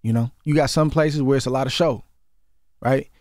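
A man's voice: medium pitch, fairly even intonation, normal speed, darkish tone, dry recording. A man in his forties with an Oakland accent, a former boxer speaking as a guest in a radio studio interview, earnest and often repeating words as he builds his point. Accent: Oakland, Bay Area. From Oakland, California. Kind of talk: casual interview conversation. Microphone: studio microphone.

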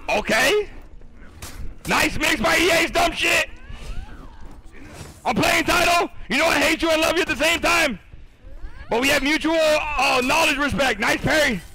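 Male streamer, excitable game commentator; high, gravelly voice, loud and profane. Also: unhurried, long pauses, rough recording. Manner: excitable, swears a lot, yells at chat.

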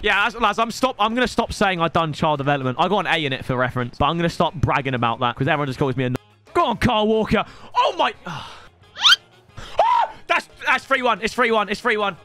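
Rowdy young gamer, high and bright. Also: male voice, quick pace, faint music behind. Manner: excitable, joking banter with bursts of yelling. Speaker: gaming YouTuber. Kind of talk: live gameplay commentary.

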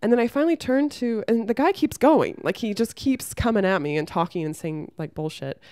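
Young woman, frank advice talk, casual swearing, mellow tone, dry close sound. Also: on the high side, a little fast, dry recording. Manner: frank and blunt, swears freely; lively storyteller who acts out the people she quotes. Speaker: relationship advice creator. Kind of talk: casual advice monologue with storytelling.

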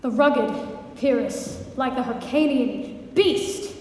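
Woman acting a brooding young prince, high voice, theatrical, far off in an echoey hall. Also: slow pace, darkish tone, slight background noise. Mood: declaiming. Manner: theatrical, wry, impassioned. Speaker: stage actor. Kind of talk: live stage play performance. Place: theater stage.

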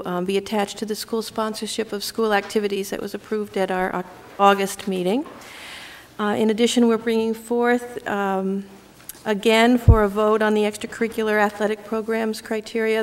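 A woman on a school board giving a subcommittee report at a public meeting in a businesslike way, with some hesitant fillers. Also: mid-range voice. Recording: long reverb from a meeting hall.

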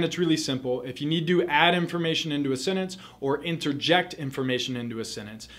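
A man tutoring for a test, explaining grammar rules in a clear, methodical lesson and repeating the key points. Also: medium pitch, fairly bright tone.

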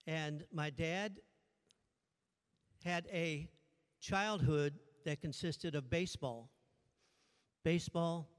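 A man preaching a sermon as pastor, joking playfully with the congregation. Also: a little high. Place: church sanctuary. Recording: long church reverb.

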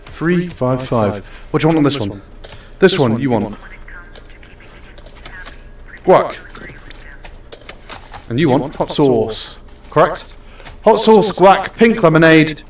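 A man's voice: on the high side, lively intonation, takes it slowly, pauses often, recorded from a distance, a little hiss or hum. A young man streaming a game, chatting casually and playfully bossing around the customers. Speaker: gaming streamer. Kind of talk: casual live-stream commentary. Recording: roomy echo, off from the mic.

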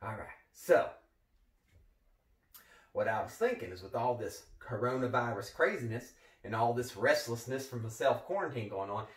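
An overeager middle-aged ex-gym teacher , played by a man, gives a pep talk in a comedy sketch, swooping up and down in pitch as he goes. He loops his slogans and keeps asking "all right?" His voice sounds roomy and a little distant from the mic. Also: lively intonation, normal speed, natural voice. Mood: hyped. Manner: pumped-up pep-talk delivery, repeating catchphrases, frequent "all right?". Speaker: comedic character monologue. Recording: echoey room, voice from off the mic.

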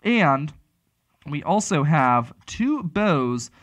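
A man's voice: fairly high pitch, big pitch swings, extremely slow, a bit bright, no echo. A man hosting a casual talk show, rambling and chatty, with many restarts. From Pittsburgh area. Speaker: radio talk show host.

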